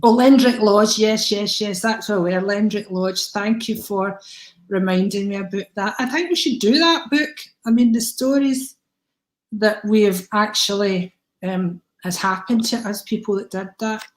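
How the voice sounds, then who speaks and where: A woman's voice: mid-range voice, fairly even intonation, moderate pace. A woman doing a live-stream card reading, chatty and affectionate, calling viewers by name. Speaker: psychic card reader. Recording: echoey room.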